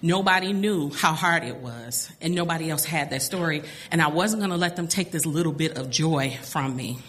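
A middle-aged woman telling a personal story to an audience, animated and laughing often between lines. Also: deep voice, moderate pace, slight background noise.

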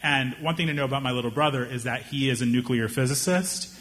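A young man doing stand-up, telling a story in an animated way and slipping into the voices of the people in it. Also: medium pitch, quick pace, a little hiss or hum. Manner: animated, acts out voices of friends and strangers. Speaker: stand-up comedian.

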